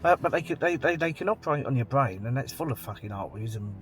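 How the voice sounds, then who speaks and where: A man's voice: mid-range voice, expressive, quick pace, faint music behind. Blunt, rambling man. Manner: rambling, blunt and plain-spoken. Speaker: vlogger. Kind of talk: casual vlog monologue.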